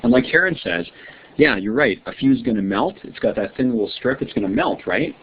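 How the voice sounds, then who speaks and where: A man's voice: mid-range voice, animated, fairly quick, husky. A male teacher giving an online science lesson, quizzing his students in a friendly way and often checking with "right?". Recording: tinny lo-fi line with faint hiss.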